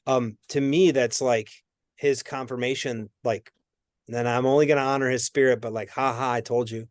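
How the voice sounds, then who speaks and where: A man working as a medium, giving a reading in a rambling, animated way that often interrupts itself. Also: mid-range voice, moderate pace, no room sound, clean studio sound. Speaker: psychic medium. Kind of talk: spirit reading conversation.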